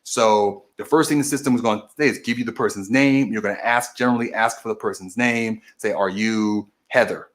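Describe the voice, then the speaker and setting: A man's voice: medium pitch, fairly quick, few pauses, a bit bright. A man hosting a political stream, casually walking through a process step by step, often restarting and correcting himself mid-sentence. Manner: explains methodically, with frequent restarts and self-corrections. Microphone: camera video recording.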